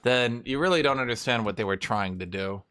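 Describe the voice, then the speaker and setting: A man streaming a game and ranting casually about history, opinionated and profane, with quick mock voices for the countries he talks about. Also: medium pitch, sharp tone. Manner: mimics historical nations in quick asides. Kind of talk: casual livestream rant while gaming.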